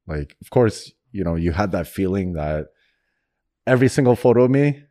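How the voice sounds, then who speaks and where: A man co-hosting a podcast, asking slow, halting questions with many pauses. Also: low-pitched, lively intonation, warm tone, no echo, clean studio sound. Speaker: co-host. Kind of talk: podcast interview.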